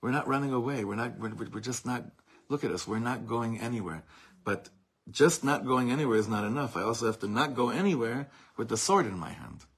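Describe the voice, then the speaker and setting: A man's voice: medium pitch, animated, brisk, slightly rough. A man teaching a Torah lesson as a rabbi, speaking with passion and emphasis, repeating phrases for force and mixing Hebrew terms into his English.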